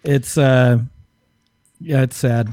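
A man co-hosting a casual podcast, relaxed, mostly short agreeing replies. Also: mid-range voice, slow pace, dry recording. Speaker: podcast co-host.

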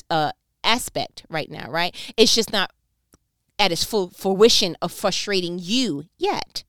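Smooth-voiced New woman teaching scripture. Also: lowish voice, a bit bright, no echo, studio quality. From New York. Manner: conversational and playfully scolding, addressing listeners directly. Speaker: Bible teacher. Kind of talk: casual scripture commentary.

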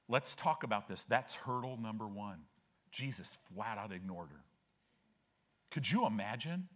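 A man's voice: fairly high pitch, a bit bright. A middle-aged man preaching a sermon to his church as pastor, acting out people in the stories he tells.

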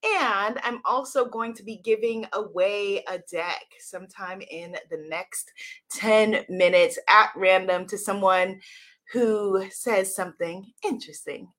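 A woman author hosting a live stream, chatting with viewers and greeting them by name with lively enthusiasm and frequent laughter. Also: medium pitch, measured pace. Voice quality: bright, bubbly. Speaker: author and livestream host.

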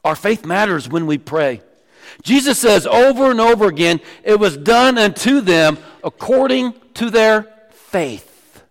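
A male pastor delivers his sermon with lively swings, climbing high and loud for emphasis, then sinking low and soft to land a point. His voice sits a little higher than most men's. The sound carries a long echo from the church sanctuary. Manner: animated preaching with wide swings in pitch and loudness, dropping to quiet punchlines.

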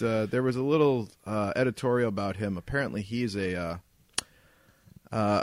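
A man's voice: mid-range voice, no echo, studio quality. A man co-hosting a podcast, chatting casually at someone's home, joking and laughing often. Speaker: podcast co-host. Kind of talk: casual chat. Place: indoors, home.

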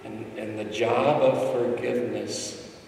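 A middle-aged man preaching a sermon, telling a story, and moving between hushed passages and loud, emphatic ones. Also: medium pitch, fairly even intonation, takes it slowly, gravelly, far from the mic, a little hiss or hum. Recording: echoey hall, mic from afar.

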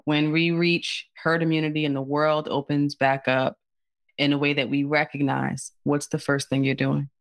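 A woman's voice: low voice, flat delivery, normal speed, no echo. A woman hosting a casual interview check-in, earnest and reflective as she talks and asks questions. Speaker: host.

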